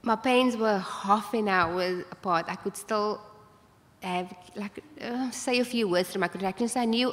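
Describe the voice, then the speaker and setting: A woman tells her birth story to a conference audience, chatty and animated, laughing often and acting out quoted voices. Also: mid-range voice, unhurried. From South Africa. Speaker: conference speaker. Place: large conference hall. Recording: reverberant hall sound.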